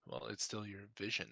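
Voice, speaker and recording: A man running a tabletop game with a bright, forward voice. He describes scenes in a loose, swearing, joking manner. The sound is dry and close. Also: fairly low pitch, creaky, dry recording. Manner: casual, swearing, laughing. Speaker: game master.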